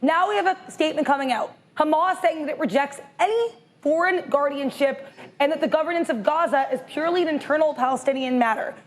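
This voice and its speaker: A woman reporting breaking news on a live market show in a brisk, clear, measured way. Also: sits high, slight background noise.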